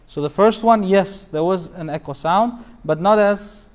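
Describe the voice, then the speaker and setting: A male imam with a high, clear, resonant voice leads a recitation class. He explains each rule patiently, repeats the verses, and asks his students for examples. He often slips into a melodic chant. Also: measured pace, few pauses. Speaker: imam teaching Quran recitation. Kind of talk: classroom teaching.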